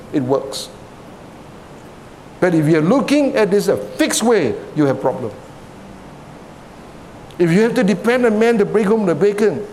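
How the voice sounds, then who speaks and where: A man preaching in a conversational way, often asking "right?" and telling jokes, in a large hall. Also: darkish tone. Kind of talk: sermon. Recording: reverberant hall with faint rumble.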